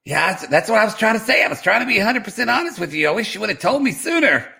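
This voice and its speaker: A man's voice: sits high, very animated, fast talker, gravelly, sharp tone, pitched above the performer's own voice, exaggerated voice. A man voicing a cool, blunt woman who shows no remorse, in a comic podcast reenactment, matter-of-fact in tone. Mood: smug.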